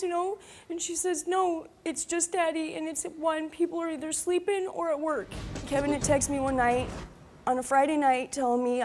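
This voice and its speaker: Very high-voiced mother telling her story. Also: darkish tone. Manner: earnest, retells dialogue in detail. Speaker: talk show guest, mother. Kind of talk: emotional personal account.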